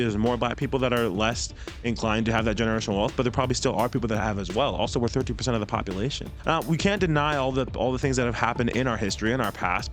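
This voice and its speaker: A man hosting a reaction video who comments on a clip in a casual, conversational way with lots of fillers. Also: mid-range voice. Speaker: commentary host.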